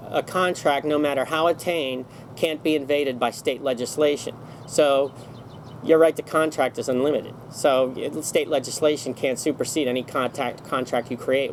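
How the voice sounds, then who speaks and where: A man with a slightly raised pitch talks straight to camera in a loose, unscripted monologue. He rambles, stumbles and corrects himself mid-sentence. A faint hum of background noise sits under his voice. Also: rough recording. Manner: rambling, many restarts and self-corrections. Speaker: vlogger. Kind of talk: casual storytelling monologue.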